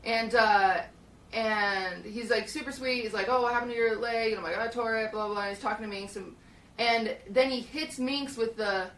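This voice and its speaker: A young woman chats through a long anecdote, looping back on herself and piling on fillers. Her voice sits at an ordinary middle pitch. It is picked up from a step away in a small, roomy shed. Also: normal speed. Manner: rambling, filler-heavy, animated retelling. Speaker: streamer. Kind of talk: casual storytelling chat. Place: small hot shed used as a podcast studio. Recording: roomy, distant mic.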